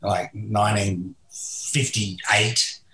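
A man's voice: on the low side, steady tone, drawn-out words, sharp tone. A man talking casually as a guest musician, rambling and hesitant with many fillers. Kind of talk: casual interview chat. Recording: roomy echo.

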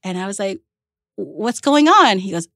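A woman's voice: mid-range voice, normal speed, dry recording, studio quality. A woman from Vietnam, a chef and restaurant owner, telling stories in a casual interview, acting out quotes and swearing freely. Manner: lively anecdotal, acts out quotes, casual swearing.

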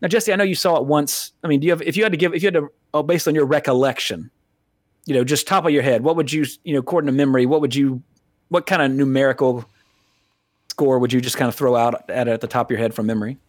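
A man's voice: mid-range voice, fast talker, dry recording, clean studio sound. A man co-hosting a casual film review podcast. He rambles, often breaks off mid-sentence and swears freely. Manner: rambling, profane, self-interrupting. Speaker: podcast co-host reviewing films.

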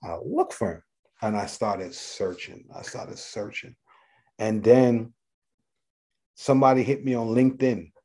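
A middle-aged man, a rapper guesting on an interview, telling animated stories, acting out voices and swearing freely. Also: medium pitch, a little slow. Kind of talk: casual storytelling interview.

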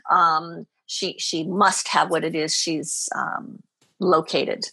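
A woman's voice: deep voice, flat delivery, slow pace, vocal fry, bright, forceful tone, slightly rough, no echo. A woman spiritual teacher speaking as a podcast guest, earnest and emphatic, often repeating her phrases for stress. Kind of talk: podcast interview.

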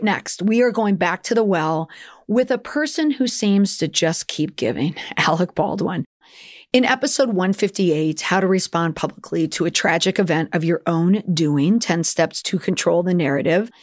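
A woman hosts a public relations podcast in a chatty, opinionated way and now and then tosses in playful mock accents. Her voice sits slightly low, and it is recorded close and dry with no room sound. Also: no echo. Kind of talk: casual commentary.

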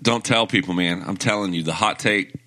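A man's voice: sits low, brisk, pushed and bright. A man co-hosting a podcast, chatting casually about basketball, opinionated and explaining at length. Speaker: podcast co-host. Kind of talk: casual sports chat.

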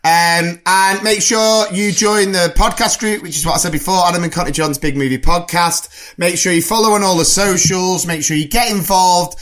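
A man's voice: high-pitched, steady tone, moderate pace, few pauses, a bit bright. A man co-hosting a podcast in casual chat, chatty and laughing often as he rambles through the sign-off. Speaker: podcast co-host.

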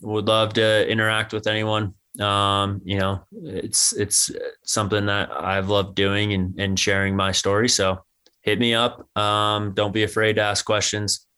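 Relaxed young man, smooth voice. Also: on the low side, measured pace. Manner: relaxed, many "um" and "you know". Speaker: interview guest, athlete. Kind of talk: casual interview answers.

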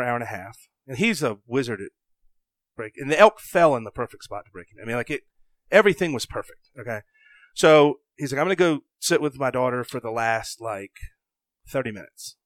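Excitable Southern man telling a story. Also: mid-range voice, no echo. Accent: Southern American. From American South. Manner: excitable, self-interrupting, acts out his own inner voice. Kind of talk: animated casual storytelling.

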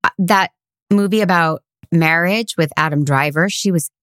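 Woman, podcast co-host, dry sarcastic humor, lowish voice, close dry mic. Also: normal speed, fairly bright tone, no echo. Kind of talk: casual chat. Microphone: podcast microphone.

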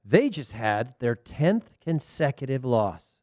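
A man's voice: medium pitch, slow, no room sound. A middle-aged man hosting a soccer show, giving a casual, rambling opinion monologue from a studio. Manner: animated, rambling, frequent restarts.

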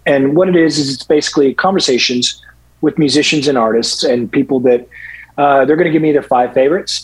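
Husky rambling rock musician man. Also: mid-range voice, rough recording. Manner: rambling, profane storyteller with many restarts. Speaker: guest musician. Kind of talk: casual podcast chat.

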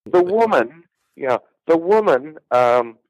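A man's voice: a little high, animated, slow, a little mellow, no room sound, muffled recording. A man telling the story of an old murder as a podcast guest, rambling with fillers and restarts. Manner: rambling, repeats words and restarts, many uh fillers. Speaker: guest true-crime researcher.

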